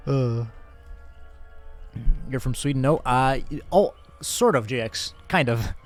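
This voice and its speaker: A young Brazilian man with a medium-pitched voice streams a game and chats casually with viewers, thanking them by name and rambling with fillers and laughs.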